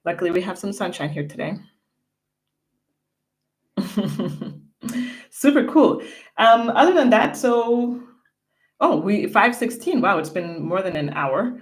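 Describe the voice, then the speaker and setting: A woman's voice: medium pitch, animated, slow pace, pauses often. A woman co-hosting a casual livestream, chatting and reading viewer comments aloud from a home setup. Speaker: livestream co-host.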